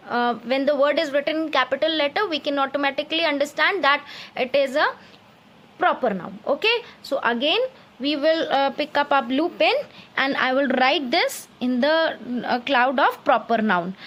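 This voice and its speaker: A woman's voice: high voice, fairly bright tone. A woman teacher with an Indian English accent, patiently leading children through a grammar exercise, spelling words letter by letter and quizzing the class.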